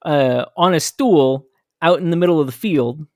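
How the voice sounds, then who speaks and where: A man's voice: on the high side, moderate pace, a little mellow, dry recording, clean studio sound. Candid man telling a personal story. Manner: candid, reflective. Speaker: podcast host.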